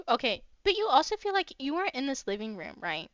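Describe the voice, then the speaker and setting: A high, bright woman's voice narrating a tabletop game at an unhurried pace, with plenty of ums along the way. The sound is dry, close and a little dull and lo-fi, like a home stream mic. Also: big pitch swings, dry recording. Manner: unhurried, many fillers. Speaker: game master.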